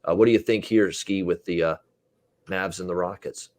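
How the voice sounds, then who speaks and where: A man's voice: low-pitched, fairly even intonation, normal speed, a little mellow, dry recording. A man hosting a sports betting talk show, chatting loosely with many fillers.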